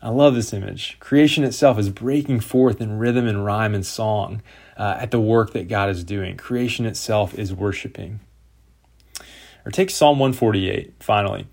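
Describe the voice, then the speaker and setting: A man's voice: on the low side, normal speed, gravelly, a little mellow. A man giving a lecture, reading passages aloud and then explaining them with occasional fillers and restarts. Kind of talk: lecture on scripture and literature.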